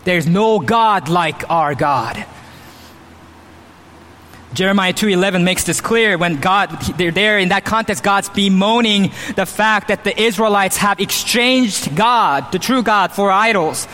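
The pastor's bright, forceful voice moves at a measured pace through an emphatic sermon in church. He mimics bragging speech now and then, lifting his pitch for the quoted boasts, while a long hall reverb trails his words.

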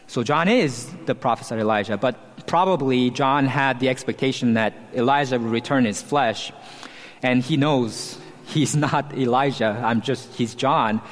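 A pastor preaching an expository sermon, explaining scripture verse by verse with emphatic stresses. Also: male voice, medium pitch, normal speed, long reverb tail.

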